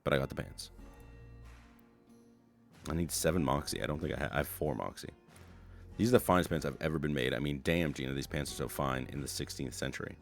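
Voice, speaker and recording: Very deep gravelly male streamer. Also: a little fast, long pauses, faint music behind. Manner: wry, playful, reads quotes in funny voices. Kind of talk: reading game text aloud with comments.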